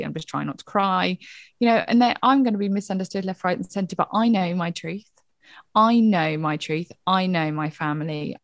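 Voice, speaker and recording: A woman's voice: lowish voice, creaky, no echo, clean studio sound. A woman, a therapist and mother, talking candidly and earnestly in a reflective podcast conversation, often saying "you know".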